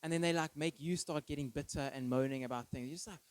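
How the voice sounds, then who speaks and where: A man's voice: on the high side, fairly even intonation, fast, smooth, no echo, poor audio. Earnest preaching man, dry sound. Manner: earnest, emphatic preaching with rhetorical questions. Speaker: pastor. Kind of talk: sermon. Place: church.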